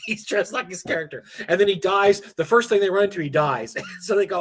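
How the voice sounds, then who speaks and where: High-voiced man telling rambling stories. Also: fairly quick. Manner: rambling animated storyteller acting out quotes. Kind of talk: casual livestream chat.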